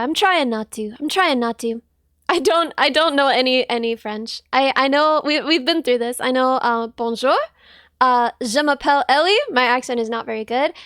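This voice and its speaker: Woman, high voice, slightly hoarse, chatty livestreamer, playful, dry close sound. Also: fairly bright tone, dry recording. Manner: chatty and playful, thanking viewers and laughing at herself. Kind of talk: casual livestream chat with viewers.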